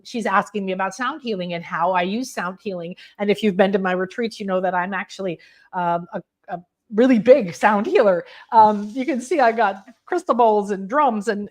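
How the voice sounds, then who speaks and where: A woman who is a spiritual teacher and sound healer, leading a live online class in a bubbly, rambling way and often exclaiming aloud. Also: mid-range voice.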